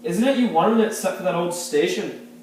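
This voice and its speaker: A sour, cutting daughter, as a man plays her, pitched high for a man. She talks down with scornful sarcasm. The voice sounds far from the mic in a very echoey room. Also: normal speed, darkish tone, a little hiss or hum, close to an everyday voice. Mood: bitter. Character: bitter, sharp-tongued Irish daughter, middle-aged. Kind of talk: amateur stage-play acting.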